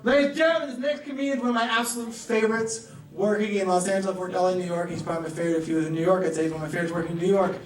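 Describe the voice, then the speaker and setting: Male club emcee, high voice, loose self-mocking patter, picked up far off in an echoey club. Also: steady tone, racing, hardly any pauses. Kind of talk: stand-up hosting and crowd work. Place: comedy club stage. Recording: roomy club sound from a distance.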